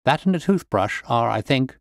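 A man voicing a calm detective who speaks in a cool, bland, dryly amused way. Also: mid-range voice, moderate pace, gravelly, no echo, studio quality. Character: calm, witty male detective, unflappable.

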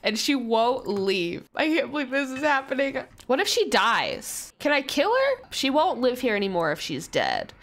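A young woman talks casually over her gameplay at a desk mic, joking at her own mistakes. Her voice sits high and swings widely in pitch, and she breaks into loud exclamations when the game surprises her. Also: wildly swooping pitch, moderate pace, hardly any pauses. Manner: chatty, self-mocking, exclaims loudly at surprises. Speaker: gaming YouTuber.

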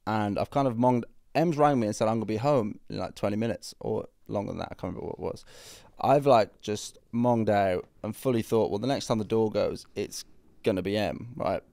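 A young man co-hosting a podcast, telling stories in an animated way and laughing often. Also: fairly low pitch, fairly quick, vocal fry, dry recording. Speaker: podcast co-host. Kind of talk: casual chat.

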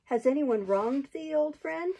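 A woman's voice: high voice, animated, unhurried, vocal fry, warm tone, pitched above the performer's own voice, exaggerated voice, low-quality recording. A woman voicing a bold, merry male outlaw leader who speaks in hearty exclamations, read aloud from a storybook.

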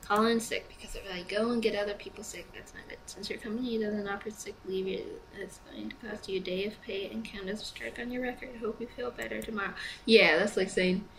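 A woman's voice: mid-range voice, steady tone, brisk, gravelly, a bit bright, slight background noise, rough recording. A young woman playing a choice-based game, reading the prompts aloud and chatting through her decisions, sleepy and yawning. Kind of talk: let's play commentary.

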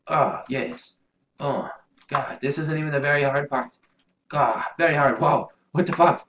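A man doing video game commentary, yelling and cursing at the game as he plays. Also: a little high, measured pace, pauses often, background noise. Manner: yells and curses at the game. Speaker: gameplay commentator.

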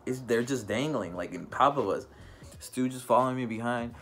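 A man's voice: medium pitch, normal speed, faint music behind. A young man telling a casual storytime vlog, rambling with many fillers and restarts. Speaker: vlogger.

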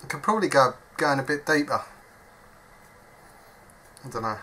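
Bloke explaining his soldering step by step, bright voice, casual and jokey. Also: mid-range voice, lively intonation, moderate pace. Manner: chatty, self-deprecating, thinks aloud while working. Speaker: hobby electronics modder. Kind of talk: casual step-by-step workbench demonstration. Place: at a workbench indoors.

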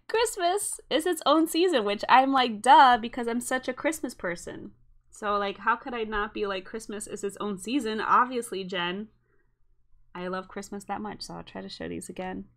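A woman's voice: mid-range voice, fairly bright tone. Chatty young woman showing a craft haul. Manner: chatty and rambling, with asides and apologies. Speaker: cross-stitch vlogger. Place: home.

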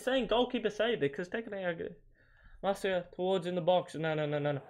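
A man's voice: high voice, quick pace, darkish tone. Young man raging over a football game. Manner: frustrated, yelps and groans at misses. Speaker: gamer. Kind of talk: casual gameplay commentary.

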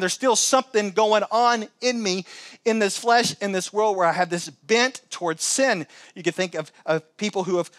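A man delivers a church sermon in a notably high, light voice, close and dry with little room sound. He is animated, jumping from loud, raised exclamations to hushed, low asides as he preaches. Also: no echo. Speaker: pastor. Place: church sanctuary.

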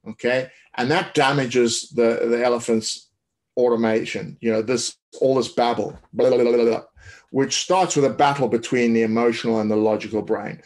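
A man giving a coaching webinar, explaining in a loose way with many fillers and restarts. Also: medium pitch. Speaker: tennis coach. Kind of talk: webinar talk.

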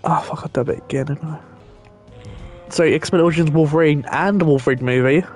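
A man's voice: a little high, a little fast, a little mellow, soft background music. A young man rambling casually and swearing now and then as he plays a game and chats with viewers. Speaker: gaming channel host. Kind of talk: casual gameplay commentary.

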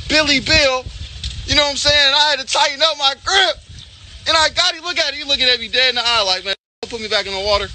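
A man's voice: very high-pitched, sharp tone, rough recording. Hollering man fishing outdoors. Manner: hollering, boastful, joking. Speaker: basketball player fishing. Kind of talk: excited casual chat. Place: outdoors on a lake. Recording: outdoor noise behind.

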